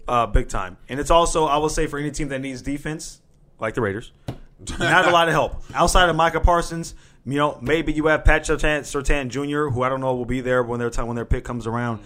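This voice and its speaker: A man co-hosting a podcast, calmly explaining sports scenarios step by step in casual chat. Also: medium pitch, brisk. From Southern California. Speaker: podcast co-host.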